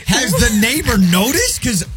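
A man's voice: extremely high pitch, very animated, a little slow, a bit bright. A man in his thirties co-hosting a radio show, bantering casually, telling stories and joking with playful asides. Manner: jokey, storytelling, playful sing-song asides.

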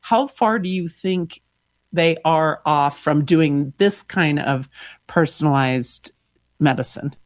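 A woman's voice: deep voice, slow, a little mellow, no echo, studio quality. A woman radio host interviewing a guest and signing off in a friendly, conversational way.

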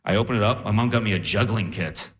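A young man performing a stand-up set on stage, animated and laughing as he acts out voices. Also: on the low side, fast talker. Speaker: stand-up comedian. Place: comedy stage before a live audience.

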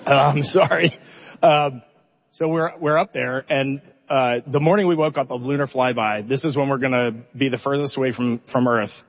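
A man's voice: medium pitch, moderate pace. Chatty astronaut guy opening up at a press event, emotional, bit self-deprecating, dull sound with long hall echo. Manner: talkative, heartfelt, self-deprecating. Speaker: astronaut, mission commander. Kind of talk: answering questions at a press event.

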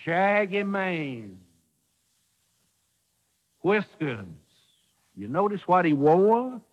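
A man's voice: high-pitched, very animated, extremely slow, long reverb tail, highs cut off. A man preaching a sermon with folksy wording and dramatic quoted lines, heard on an old radio broadcast.

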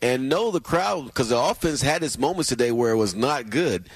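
A man's voice: medium pitch, animated, normal speed, husky, no echo. A man co-hosting a casual sports talk show, upbeat and emphatic, often laughing as he makes his points. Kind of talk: casual sports commentary chat.

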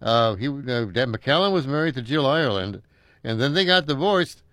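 An older American man chatting casually, rambling and chuckling, pausing often with halting fillers. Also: medium pitch, expressive, a bit bright, dry recording, studio quality. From United States. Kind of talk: casual chat.

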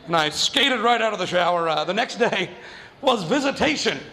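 A male stand-up comedian with a fairly high voice tells a story in an animated way, jumping into quoted voices. His voice carries a long hall reverb, with faint room ambience behind it. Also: a little fast, slight background noise. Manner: animated, acts out quoted voices with big jumps.

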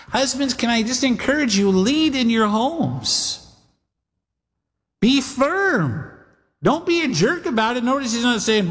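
A man's voice: very high-pitched, lively intonation, unhurried, a bit bright, in a large hall. A male pastor preaching a sermon in a conversational way, often repeating phrases and speaking straight to his listeners.

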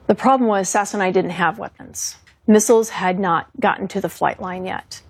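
A woman in her fifties speaks as a former fighter pilot in an interview, earnest and resolute. Her voice is husky and of middling pitch. She talks steadily, with firm conviction. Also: moderate pace, dry recording. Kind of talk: recounting interview.

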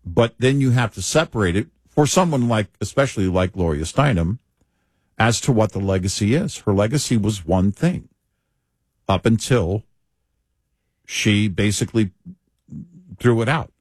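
Low-voiced, measured male co-host. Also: animated, husky, no room sound. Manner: measured, deliberate, hesitant restarts. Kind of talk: opinionated talk-show banter.

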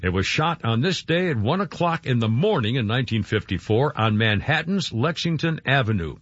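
A man hosting a radio show, talking casually in a rambling, excitable way and laughing easily. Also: mid-range voice, normal speed, breathy edge, dry recording. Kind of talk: casual morning radio talk. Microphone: studio microphone. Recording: dull radio broadcast sound.

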